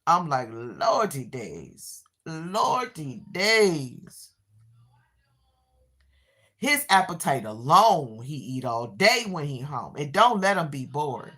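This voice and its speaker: A middle-aged woman with hosts a relaxed livestream, answering her viewers' comments one by one. Her voice sits on the low side and she takes her time with every phrase. She sounds a little tired and congested, and she drops in drawn-out exclamations as she chats. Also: husky. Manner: drawling Southern-style exclamations like "child" and "Lordy days". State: tired, stuffy sinuses. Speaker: livestream host. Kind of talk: casual live chat.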